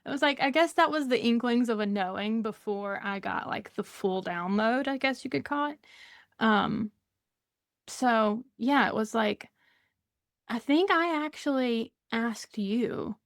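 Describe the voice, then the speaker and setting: A woman's voice: fairly high pitch, unhurried, dry recording, studio quality. A woman with a Southern US accent, a podcast guest chatting casually, rambling and laughing often. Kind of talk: casual conversation.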